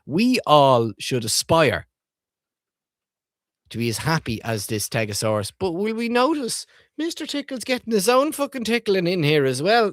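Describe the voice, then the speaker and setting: A man's voice: a little high, no echo, studio quality. A man streaming as he reads and reviews children's books, joking irreverently, swearing freely and quizzing his viewers. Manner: profane, irreverent and jokey; asks the viewers questions. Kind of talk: casual comedic commentary reading aloud.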